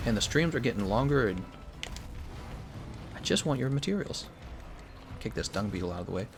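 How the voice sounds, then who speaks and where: A young man live streaming a game, chatting casually and jokingly reading out his chat. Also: mid-range voice. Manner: joking, reads chat aloud, animated.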